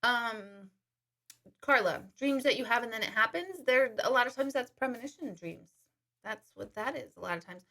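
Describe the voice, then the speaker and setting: A woman's voice: on the high side, lively intonation, moderate pace, bright, forceful tone. Chatty woman medium answering live questions. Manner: chatty, laughs often, reads out viewer questions. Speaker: intuitive medium. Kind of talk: live-stream Q&A chat.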